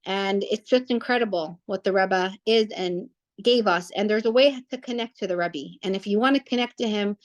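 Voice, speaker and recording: A woman's voice: mid-range voice, moderate pace. A young woman telling a family story casually, rambling with restarts and fillers.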